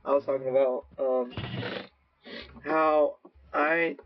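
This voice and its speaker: A man talks over his gameplay in rambling self-talk, breaking into profane yelps and shouted curses. His mid-pitched voice comes through a dull, lo-fi laptop mic. A faint hiss sits under it. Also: fairly even intonation, takes it slowly. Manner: profane, erratic outbursts and yelling. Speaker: gaming channel host. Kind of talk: gaming commentary.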